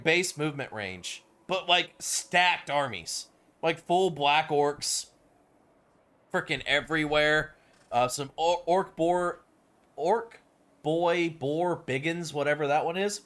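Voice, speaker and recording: A man's voice: fairly high pitch, a bit bright. A young man casually commenting on his strategy game, rambling and swearing, with lots of fillers. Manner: rambling, profane, full of fillers. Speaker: game streamer.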